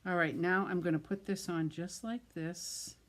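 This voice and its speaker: A woman's voice: lowish voice, fairly even intonation, moderate pace. A middle-aged woman giving a card-making tutorial while she works, chatty and self-deprecating, tripping over words and laughing it off. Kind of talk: craft tutorial, talking while working.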